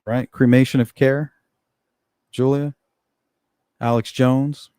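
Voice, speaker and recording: A man's voice: medium pitch, little pitch movement, takes it slowly, dark tone, smooth, no room sound. Middle-aged guy talking on a livestream, blunt, cusses, laughs a lot, dry close sound. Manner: blunt, profane, laughs often. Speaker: livestream host reading chat. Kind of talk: casual live chat.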